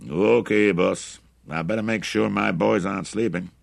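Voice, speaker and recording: A man voicing a loyal sergeant major who speaks in a slow, easygoing way. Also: fairly low pitch, steady tone, gravelly, dry recording, studio quality.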